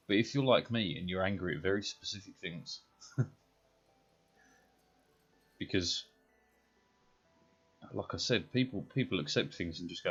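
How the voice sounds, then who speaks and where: British male streamer, very low voice, blunt sweary ranter, dull lo-fi audio with faint music behind. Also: moderate pace, long pauses, husky. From Britain. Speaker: game streamer. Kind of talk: casual ranting chat while gaming.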